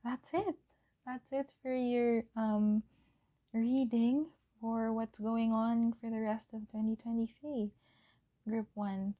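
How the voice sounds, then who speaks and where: A young woman giving a pick-a-card tarot reading, gentle and encouraging, often giggling and saying um. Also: fairly high pitch, steady tone, slow, lo-fi sound. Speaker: tarot reader.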